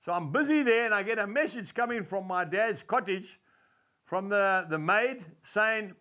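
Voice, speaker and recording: A man's voice: high-pitched, expressive, moderate pace, highs cut off. A man giving an earnest devotional talk, telling folksy stories with chuckles. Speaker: preacher.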